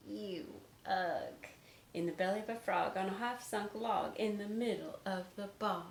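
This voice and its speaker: A woman teacher reading a picture book aloud to children at home, with big swoops in pitch. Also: measured pace, gravelly. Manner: expressive read-aloud with big pitch swings. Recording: roomy sound with faint noise.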